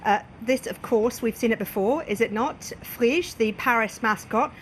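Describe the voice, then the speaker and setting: A woman's voice: fairly high pitch, moderate pace, a little hiss or hum. A woman presenting live news in a studio, joking and playful with her colleagues between stories. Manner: playful, jokey asides to colleagues. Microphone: presenter's mic, earpiece in ear.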